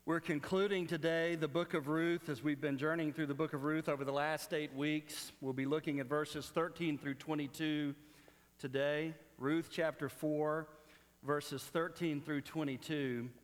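Pastor with a higher voice in a reverberant hall. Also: male voice, steady tone. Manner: storytelling, retells scenes with quoted dialogue, halting restarts. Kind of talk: sermon.

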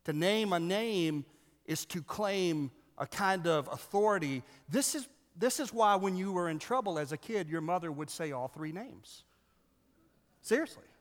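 A man preaches a sermon, lively and full of joking asides to his listeners. His voice sits a little high for a man. The sound carries a long reverb, like a large hall. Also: measured pace. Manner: animated, joking asides to the congregation. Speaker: pastor.

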